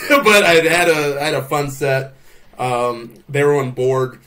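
A man co-hosting a podcast as a stand-up comedian, talking in an animated way, laughing often and swearing for emphasis. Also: medium pitch, takes it slowly, crowd noise. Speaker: podcast co-host. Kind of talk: casual chat.

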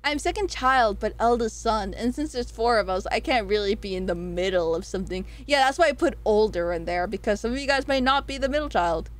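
A woman streamer in casual livestream chat, reading out poll results; giggly and excitable, swearing freely and swinging between high squeals and low mutters. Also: brisk, few pauses.

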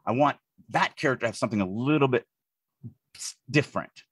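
A man from the Deep South speaks in a husky voice. He co-hosts a casual podcast, thinking aloud with frequent restarts. The recording is dry, with no room sound. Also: a little fast, a bit bright, no echo. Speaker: podcast co-host, writing editor.

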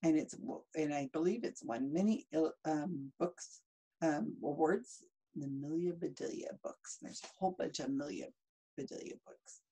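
A woman's voice: deep voice, moderate pace, mellow, husky, rough recording. A woman in her fifties reading a children's book aloud, stopping for chatty asides about the pictures. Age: 50s. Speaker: storybook reader.

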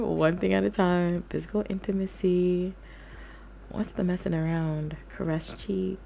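A young adult woman giving casual let's-play commentary, animated and often laughing as she talks to her viewers. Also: on the low side, unhurried, gravelly. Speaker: gaming YouTuber.

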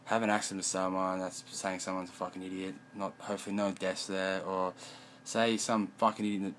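A man's voice: low voice, flat delivery, fairly quick, fairly bright tone, slight background noise, low-quality recording. A man rambling in a profane vlog monologue at home, often mumbling.

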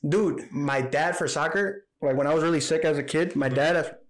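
A man's voice: fairly high pitch, moderate pace. A young man co-hosting a podcast, laid-back and saying dude and bro a lot. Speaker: podcast co-host. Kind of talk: casual chat.

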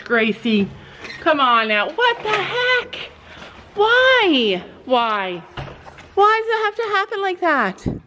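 A woman vlogging outdoors with horses, talking softly and coaxingly to a nervous pony, recorded on a camera mic. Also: on the high side, long reverb tail, a little hiss or hum. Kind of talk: casual vlog narration.

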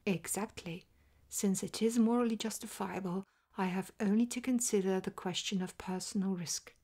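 A woman's voice: medium pitch, steady tone, lightly acted. Sherlock Holmes, a cool detective whispered by a woman. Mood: calm resolve. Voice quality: soft, half-whispered. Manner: measured and resolute. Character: cool, self-assured male detective. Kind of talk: whispered role-play.

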